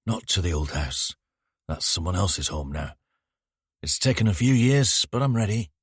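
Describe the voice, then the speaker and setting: A haunted detective, voiced by a man, talks low and close with a dry, sardonic edge. The voice sits very deep yet moves a lot in pitch. The sound is dry and close, with no room around it. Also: lively intonation, normal speed, slightly rough, no echo. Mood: hushed. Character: haunted adult male detective, wry and calm.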